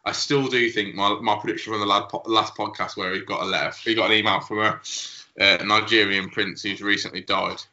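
Casting: rambling podcast co-host, bright, forceful voice, recorded in an echoey room. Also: male voice, fairly low pitch, steady tone, fairly quick, hardly any pauses. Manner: rambling, laughing, restarts. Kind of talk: casual chat. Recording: echoey room, dull lo-fi sound.

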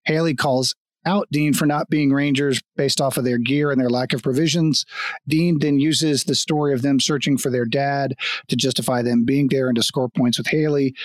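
A man's voice: medium pitch, steady tone, normal speed, dry recording. A man co-hosting a casual chat, recapping a TV episode in a loose, profane way with laughs mixed in. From Kansas. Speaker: podcast co-host.

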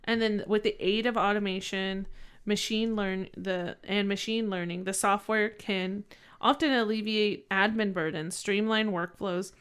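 A woman co-hosting a casual business chat, playful and giggly, who drops into a lower, quieter tone to read product details. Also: steady tone, measured pace, smooth. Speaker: podcast co-host.

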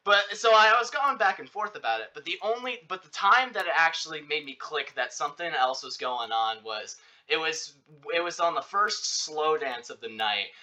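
A young man chats casually, spinning out a personal story with constant fillers and restarts. His voice is very bright and edged, and he jumps up in pitch when acting out what he said back then. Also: moderate pace, few pauses. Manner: rambling, filler-heavy, animated retelling. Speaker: podcast host telling a story.

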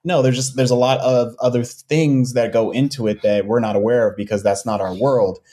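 A man, a comics creator being interviewed, talking casually about his books with many pauses and restarts. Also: medium pitch. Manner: relaxed, many ums and restarts.

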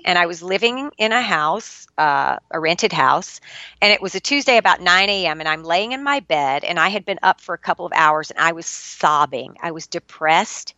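A middle-aged woman guest with a bright, forceful voice speaks candidly about her life, earnest and confessional. Her voice sits close to the microphone in a dry, dead room. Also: on the low side, dry recording, lo-fi sound. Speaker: podcast guest. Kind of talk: candid personal storytelling.

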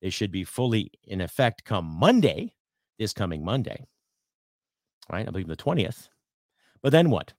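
A man's voice: on the low side, very animated, normal speed, long pauses, no room sound, studio quality. A man hosting a political podcast, ranting heatedly with rhetorical questions and some swearing. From Canada. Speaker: podcast host.

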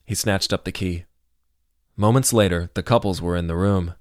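A man narrating a story as an audiobook, reading in a steady, even way. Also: deep voice, moderate pace, dry recording, studio quality.

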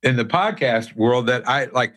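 Man hosting a podcast, medium pitch. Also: moderate pace, fairly bright tone. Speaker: podcast host. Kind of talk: casual podcast interview.

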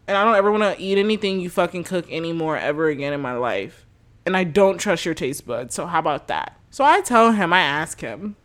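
A young woman hosting her own podcast, telling a story in a casual, animated, exasperated way with plenty of swearing. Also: on the low side. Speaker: podcast host.

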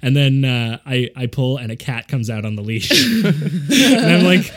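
A man's voice: medium pitch, very animated, normal speed, fairly bright tone. A man telling a rambling anecdote in a casual chat, often laughing as he goes. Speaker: podcast co-host.

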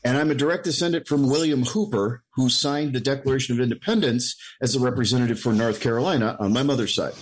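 A man's voice: medium pitch, quick pace, few pauses. A man from the United States in casual podcast chat, speaking earnestly with his opinions and some swearing.

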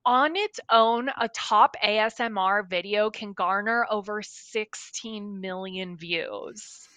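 A woman co-hosting a casual chat show, animated and thinking aloud as she reads out facts. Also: medium pitch, slow pace, clean tone, no echo. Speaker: podcast co-host.

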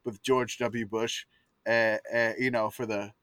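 A man from Louisiana co-hosts a podcast from home. He rambles through thoughts with frequent restarts, his voice mid-pitched and dry, with no room sound. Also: level tone, a little slow, a bit bright, dry recording. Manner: rambling, lots of restarts and laughs. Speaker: podcast co-host. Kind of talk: casual chat.

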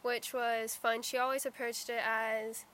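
A teenage high school girl, a guest on a casual podcast, speaking hesitantly with many fillers. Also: level tone, a little slow, a bit bright. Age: teens.

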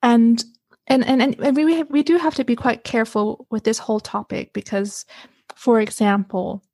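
A woman's voice: fairly high pitch, fairly even intonation, normal speed, darkish tone, dry recording, clean studio sound. A woman guest on a podcast, telling a story in casual chat with many restarts and repeated words.

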